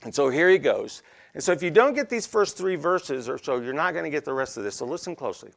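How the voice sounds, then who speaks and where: High, gravelly, animated folksy preacher man. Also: fast talker. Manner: folksy, conversational, frequent "okay?" check-ins. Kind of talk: expository sermon.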